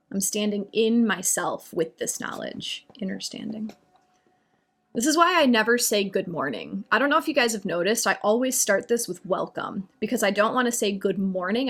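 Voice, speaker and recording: A woman on a live stream talking about astrology and answering viewer comments in a chatty, reassuring way. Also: mid-range voice. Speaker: astrology and oracle reader.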